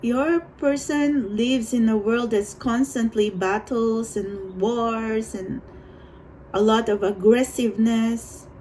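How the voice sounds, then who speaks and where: A woman's voice: on the high side, fairly even intonation, slow, mellow, slight background noise, low-quality recording. A woman doing a tarot reading for viewers, rambling and hesitant, with many restarts. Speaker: tarot reader.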